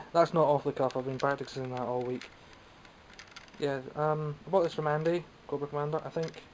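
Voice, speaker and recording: A man's voice: fairly high pitch, level tone, brisk, a little hiss or hum, rough recording. Rambling Scottish man showing toys. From Scotland. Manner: chatty, rambling, self-mocking. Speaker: toy collector vlogger. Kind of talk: casual show-and-tell vlog.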